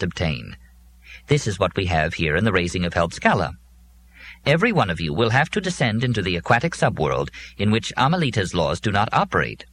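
A man's voice: on the low side, fairly bright tone, a little hiss or hum. A man voicing a pedantic, long-winded male robot that lectures with precision. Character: fussy pedantic male robot, wordy and earnest.

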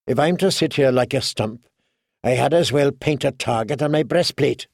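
A man's voice: medium pitch, moderate pace, creaky, a little mellow, dry recording. A man voicing a wry dwarf nobleman in battle, with dry, grim asides in his own reading voice.

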